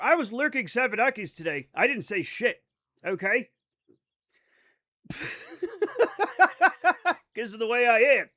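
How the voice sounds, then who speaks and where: A man with a very high, sharp voice livestreams a game. He talks casually to his chat, rambling, cutting himself off, and occasionally swearing.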